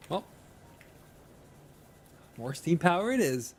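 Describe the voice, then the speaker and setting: A man's voice: mid-range voice, sing-song, measured pace, slight background noise. A man streaming a factory-building game, muttering to himself with playful asides. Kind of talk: casual gameplay commentary.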